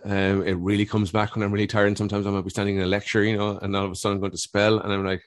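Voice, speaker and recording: A man's voice: fairly low pitch, level tone, racing, no echo. A man speaking as a family therapist guest in an interview, earnest and explanatory, often repeating words as he thinks. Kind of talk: reflective conversational interview.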